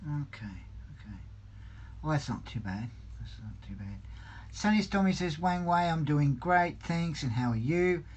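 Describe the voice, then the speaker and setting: A man hosts a casual livestream from his home hobby room, building a model while reading viewer comments aloud. He speaks slowly and hesitantly, with many ums and restarts, in a fairly high, slightly mellow voice with lively intonation. There is slight background noise.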